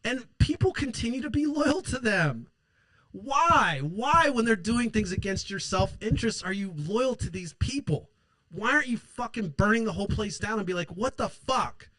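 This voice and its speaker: A man's voice: high-pitched, animated, normal speed, pushed and bright, dry recording. A man hosting a political show, ranting angrily and sarcastically, swearing constantly and mocking opponents in put-on quotes. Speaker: political podcast host. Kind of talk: profane political rant.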